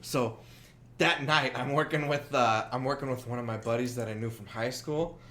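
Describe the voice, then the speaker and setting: At a moderate pace and in a mid-range voice, a man guesting on a podcast narrates a story in easygoing talk. He's lively, profane, and keen on reenacting what others said.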